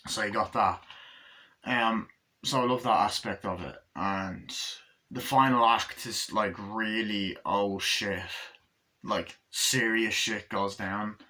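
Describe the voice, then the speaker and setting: Man, film reviewer, casual, rambling, swears a lot, somewhat low, bright edge. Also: fairly even intonation, slow pace. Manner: rambling and profane, full of fillers and acted-out quotes. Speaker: movie reviewer.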